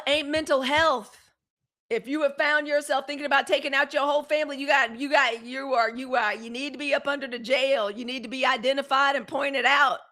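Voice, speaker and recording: A woman's voice: high-pitched, sharp tone. A woman hosting a live news commentary show, talking in a fiery, emphatic way with repeated phrases. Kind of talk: impassioned livestream commentary.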